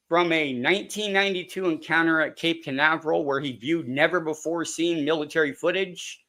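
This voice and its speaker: A man hosting a podcast, excitable and chatty, filling his speech with "like". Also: fairly high pitch. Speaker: podcast host. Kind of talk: casual podcast interview.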